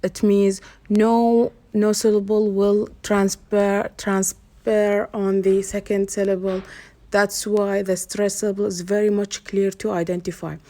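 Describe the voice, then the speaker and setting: A woman lecturer giving a recorded online lesson, explaining slowly and repeating herself, with frequent pauses. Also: mid-range voice, flat delivery, mellow. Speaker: university lecturer.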